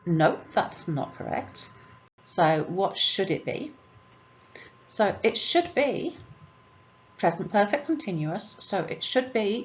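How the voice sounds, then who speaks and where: A woman's voice: medium pitch, big pitch swings, slow, pauses often, highs cut off, slight background noise. A woman English teacher going through grammar exercises, patiently asking questions and answering them herself. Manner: patient, asks and answers her own questions.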